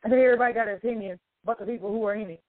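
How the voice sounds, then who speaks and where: A woman's voice: on the high side, steady tone, rapid-fire, no room sound. A woman life coach giving an emphatic, preachy self-help monologue and repeating her points for effect. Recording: tinny phone-like dry sound.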